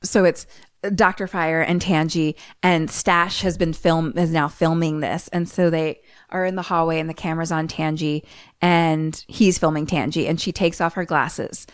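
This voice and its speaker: A woman's voice: low voice, level tone, normal speed, dry recording, studio quality. A woman co-hosting a podcast, casually retelling a film and acting out its characters' lines.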